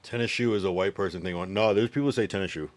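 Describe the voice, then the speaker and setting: Deep-voiced man casually chatting on stream. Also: fast talker. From United States. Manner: loose, slangy and profane, reacts to chat messages. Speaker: livestreamer. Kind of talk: casual livestream chat, reading chat aloud.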